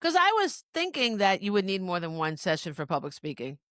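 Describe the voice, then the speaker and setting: A woman's voice: medium pitch, very animated, brisk, fairly bright tone, dry recording, clean studio sound. A middle-aged woman co-hosting a podcast, chatting casually in rambling, restarting sentences and laughing easily. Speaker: podcast co-host. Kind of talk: casual chat.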